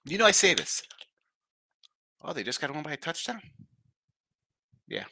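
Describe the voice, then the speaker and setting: A man's voice: a little high, huge pitch swings, moderate pace, vocal fry, sharp tone, a little hiss or hum. A man hosting a live sports betting show, giving brash, jokey picks and chatting with viewers in the comments.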